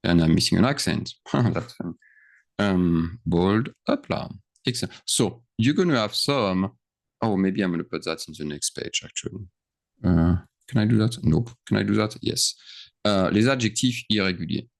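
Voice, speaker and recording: A man's voice: deep voice, expressive, normal speed, vocal fry. A man teaching a grammar lesson over screen share, thinking aloud and checking in with frequent questions. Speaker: French teacher.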